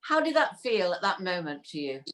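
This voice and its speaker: A woman's voice: on the low side, sing-song, fairly quick. A woman co-hosting an interview, appreciative and asking the guest questions. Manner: warmly appreciative, asks questions. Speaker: co-host. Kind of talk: interview chat.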